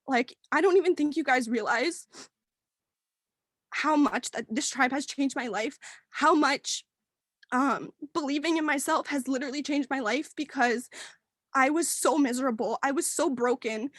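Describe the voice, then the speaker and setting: A woman's voice: high-pitched, moderate pace, fairly bright tone, no echo. A young woman in her twenties telling a heartfelt personal story at a work meeting, rambling with many fillers and close to tears. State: tearful, near crying. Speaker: team member sharing her story. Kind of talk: emotional personal testimony. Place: work meeting, dry room.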